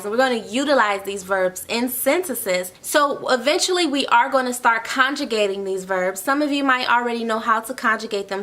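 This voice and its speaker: A woman's voice: on the high side, fairly bright tone. A woman tutoring an online language lesson. She explains step by step, repeats each phrase and keeps checking in with "okay?". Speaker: Spanish tutor.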